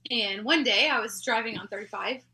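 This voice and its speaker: A woman's voice: a little high, fairly quick, bright, forceful tone, low-quality recording. A woman from Texas, the singer-songwriter of a rock band, talking casually in an interview. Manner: chatty, laughs easily.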